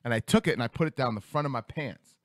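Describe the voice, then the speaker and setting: On a radio talk show, a podcast host in his thirties recounts a childhood story at a quick pace, animatedly acting out voices with big jumps in pitch. It's casual storytelling recorded in a studio, with studio quality and no room sound.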